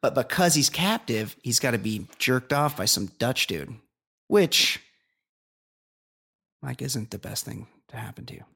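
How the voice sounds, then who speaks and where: A man's voice: medium pitch, animated, a little slow, creaky, long pauses, sharp tone, breathy edge. A man hosting a podcast in casual chat, joking crudely and reading listener emails. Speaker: podcast host.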